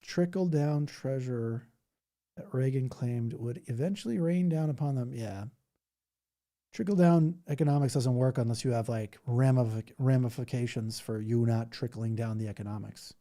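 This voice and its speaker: A man's voice: mid-range voice, moderate pace, warm tone. A man hosting a livestream, chatting casually with his viewers, rambling and laughing as he mocks things with silly impressions. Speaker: livestream host. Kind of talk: casual chat reacting to viewer comments.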